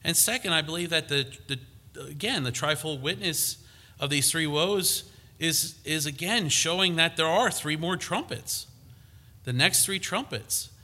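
A man's voice: on the high side, measured pace, pushed and bright. A man preaching a sermon on scripture, emphatic and given to restarts and fillers as he teaches.

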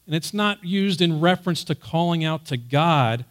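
A man's voice: fairly high pitch, expressive, moderate pace. A man teaching a Bible passage in an earnest sermon style, raising his voice on the quoted words. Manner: earnest, loud on emphasized quotes.

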